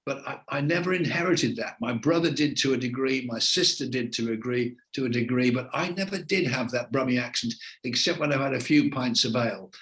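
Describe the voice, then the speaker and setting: An older man from England, a veteran TV presenter, answering interview questions in relaxed, anecdotal storytelling. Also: medium pitch, a little fast, hardly any pauses.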